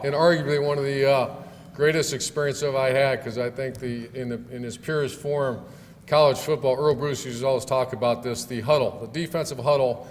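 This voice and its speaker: A middle-aged football coach gives a guest speech at a club event in a banquet hall, telling folksy stories full of fillers and restarts. His mid-range voice is fairly even in intonation and a little fast, with long hall reverb and faint room noise.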